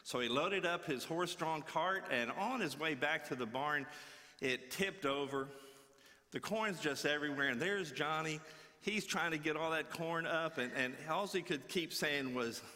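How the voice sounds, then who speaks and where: Folksy male preacher, bright and slightly high voice, long church-hall reverb. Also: normal speed. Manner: folksy, animated, repeats words for effect. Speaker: guest preacher. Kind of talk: sermon with storytelling. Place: church before a congregation.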